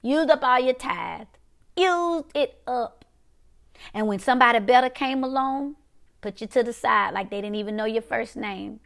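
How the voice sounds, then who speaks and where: A woman in middle age preaching a prophetic sermon, her voice pitched a little higher than most. She drives each point home by repeating short phrases, with a rhythmic call-and-response cadence. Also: normal speed, vocal fry, a bit bright.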